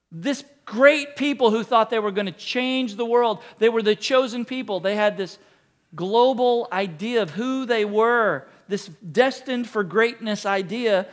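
High-voiced preacher man, animated. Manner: animated preaching with acted-out quotes and asides. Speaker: pastor. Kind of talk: sermon.

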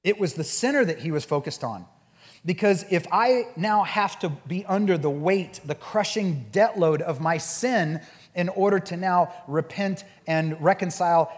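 A man preaching a sermon and leading a group discussion, acting out quoted voices in an animated way. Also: sits high, unhurried, big-room sound. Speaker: pastor.

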